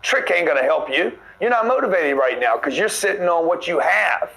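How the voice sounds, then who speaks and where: Guy preaching motivation at you, blunt and pushy, kinda high voice. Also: expressive, moderate pace, sharp tone, poor audio. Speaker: motivational speaker. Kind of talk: motivational talk.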